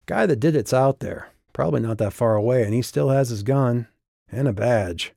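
A man's voice: mid-range voice, moderate pace, vocal fry, dark tone, no echo, studio quality. Man reading a wry small-town sheriff.

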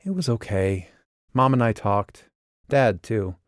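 A man voicing a grieving, sharp-tongued young woman in an audiobook, with his voice raised and tearful. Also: animated, slow, dry recording, studio quality. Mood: grieving, bitter. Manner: raised pitch, tearful and bitter.

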